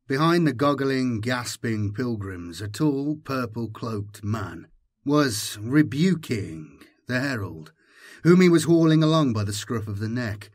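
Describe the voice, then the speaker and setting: A man narrating an audiobook in a measured, dramatic storytelling manner. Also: mid-range voice, lively intonation. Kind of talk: scripted narration.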